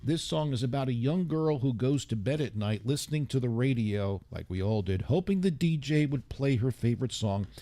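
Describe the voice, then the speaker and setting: A man's voice: mid-range voice, lively intonation, normal speed, few pauses, mellow. An older man hosting a radio show, chatting casually and rambling as he reads listener comments aloud. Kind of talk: casual DJ chat.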